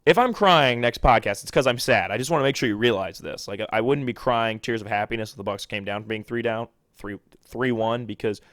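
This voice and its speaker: A young man hosting a solo sports podcast, rambling excitably and poking fun at himself. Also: mid-range voice, brisk, no room sound, clean studio sound. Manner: rambling, excitable, self-deprecating. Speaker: podcast host.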